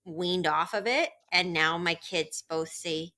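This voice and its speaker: Speaking slowly in a lowish, pushed, bright voice, this podcast co-host chats casually. She's a mother in her thirties who laughs through funny anecdotes and performs the quoted lines.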